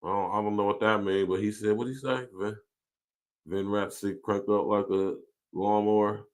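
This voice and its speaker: A man's voice: fairly low pitch, steady tone, moderate pace. A man hosting a podcast, ranting in a casual, profane way, laughing often and reading viewer comments aloud. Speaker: podcast host. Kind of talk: casual livestream rant.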